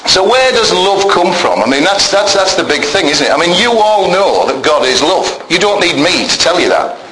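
A man's voice: high-pitched, big pitch swings, moderate pace, pushed and bright, slight background noise. A man preaching a sermon in a church, emphatic and conversational, often asking the congregation questions. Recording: echoey church room with faint ambience.

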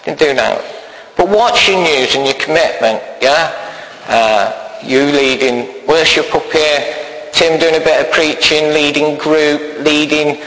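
A man's voice: on the high side, a little slow, a bit bright. A man giving an informal sermon in a church, chatty and peppering his talk with "yeah?" questions. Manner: chatty, keeps adding "yeah?" tag questions. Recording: echoey church hall with long reverb.

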